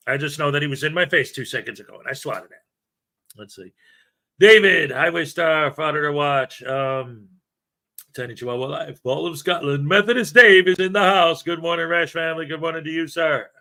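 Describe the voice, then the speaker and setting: A man's voice: a little high, vocal fry, pushed and bright. A man hosting a casual livestream, chatting loosely, telling jokes and greeting viewers by name. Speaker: livestream host. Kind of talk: casual live-stream chat.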